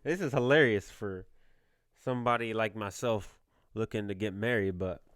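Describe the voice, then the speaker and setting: A man's voice: lowish voice, moderate pace, fairly bright tone, clean tone, dry recording, clean studio sound. A young man hosting a casual podcast, talking in a rambling, jokey way and laughing often. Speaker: podcast host.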